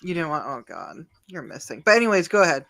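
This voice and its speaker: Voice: medium pitch, big pitch swings, fast, gravelly, pushed and bright. A podcast co-host chatting casually and bluntly. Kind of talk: casual chat.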